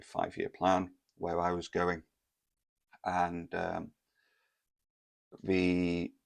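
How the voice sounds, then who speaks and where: A man in his thirties with a low, gravelly voice chats to camera. He rambles, mocks himself and wanders off into asides as he tells the story. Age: 30s. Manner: rambling, self-mocking, full of fillers and asides. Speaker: vlogger.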